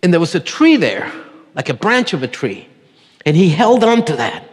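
A man's voice: sits high, very animated, measured pace, husky. Middle-aged guy telling his testimony in church, earnest, acts out the voices, big echoey hall. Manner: earnest storyteller acting out quoted voices. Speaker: church member giving testimony. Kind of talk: personal testimony to a congregation. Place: church sanctuary. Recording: long church hall reverb.

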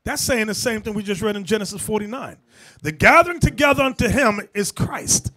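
A bishop preaching a heated sermon. His voice is very high and swoops all over, and its bright tone rises into shouts as he speaks straight to the congregation. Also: lively intonation, brisk. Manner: emphatic, shouting at times, addresses the brothers directly. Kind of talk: fiery sermon.

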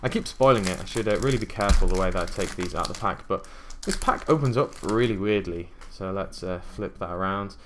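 A man's voice: low-pitched, fairly quick, hardly any pauses, fairly bright tone, a little hiss or hum. A young man chatting casually as he opens card packs, musing aloud with many ums and uhs. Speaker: card-opening YouTuber. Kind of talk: casual unboxing commentary.

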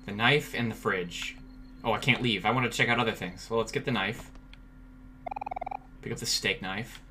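A man's voice: lowish voice, moderate pace, noisy background. A man streaming a video game, joking and reacting with sudden jumpy outbursts while talking to chat. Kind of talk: let's play commentary.

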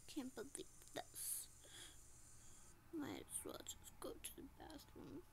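A woman voicing an embarrassed little girl in a soft whispered role-play. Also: high voice, wildly swooping pitch, slow pace, creaky, exaggerated voice. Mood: glum. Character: embarrassed little girl on first school day.

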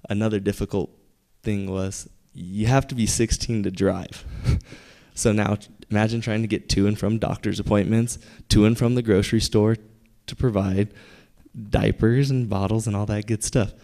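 A young man telling a personal story on stage at a live storytelling event, conversational and building to punchlines with pauses. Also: on the low side, fairly even intonation, vocal fry, mellow. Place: theater stage.

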